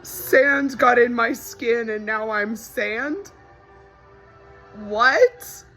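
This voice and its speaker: A woman's voice: on the high side, fairly even intonation, takes it slowly, bright, forceful tone, soft background music. A young woman in casual movie reaction commentary, chatty and wry, often incredulous and laughing.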